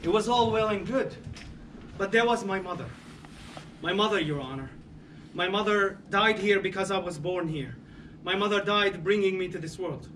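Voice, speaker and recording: Give me a man playing an earnest grieving son in a stage play, bright and high, heard from far off in an echoey room with some noise. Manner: earnest, pleading stage delivery. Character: grieving young man confronting his family. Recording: live stage audio from a distant mic, roomy and noisy.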